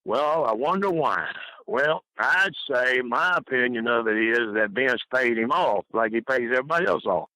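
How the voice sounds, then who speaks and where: An older man, a podcast guest, telling long rambling stories full of fillers and mimicking the people he quotes in high voices. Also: animated, moderate pace, pushed and bright, dry recording, low-quality recording. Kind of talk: storytelling interview.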